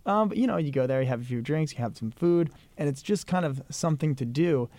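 A man's voice: a little high, expressive, quick pace, warm tone. A man co-hosting a podcast in casual chat, conversational with many fillers and asides. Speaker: podcast co-host.

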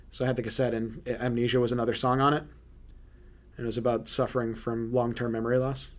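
A man hosting a casual movie-review chat, animated and profane, often laughing as he talks. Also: medium pitch. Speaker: podcast host.

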